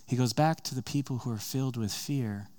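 Conversational preacher retelling a story. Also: male voice, medium pitch, fairly quick, warm tone. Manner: storytelling, conversational, acting out quotes. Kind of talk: sermon.

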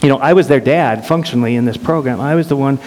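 A man's voice: medium pitch, darkish tone. Earnest middle-aged man in an echoing hall. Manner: earnest, halting with restarts and repeated words. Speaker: speaker sharing a personal story. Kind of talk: emotional personal storytelling talk. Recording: reverberant hall with faint hiss.

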